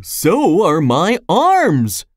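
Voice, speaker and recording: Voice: mid-range voice, huge pitch swings, slow, a little hiss or hum, pitched above the performer's own voice. A narrator voicing a cheerful, long-armed male storybook character who is always looking for someone to tickle. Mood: jolly. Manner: bright and jolly. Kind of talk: storybook reading.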